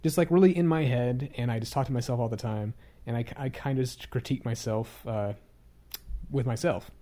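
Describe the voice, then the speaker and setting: Speaking a little fast in a dark, mid-range voice, a young man vlogs casually for his own YouTube channel, reflecting candidly and self-critically while rambling, hesitating, and frequently starting his sentences over.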